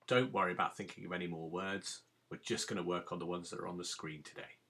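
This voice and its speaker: A man's voice: sits low, steady tone, quick pace, bright, forceful tone. A man teaching a recorded phonics lesson to young children, giving patient step-by-step instructions. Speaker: primary school teacher.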